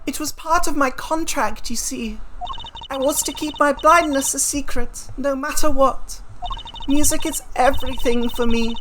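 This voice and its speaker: A woman voicing a poised blind female singer in a fan game dub, speaking slowly and formally. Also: sits high, background noise, voice pushed up. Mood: serene. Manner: slow, soft, formal phrasing.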